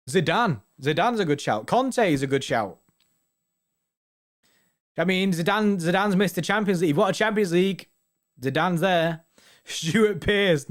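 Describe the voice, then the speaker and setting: A man co-hosting a football fan show, chatting casually and rambling with slang and restarts. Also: on the high side. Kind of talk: casual chat reading viewer comments.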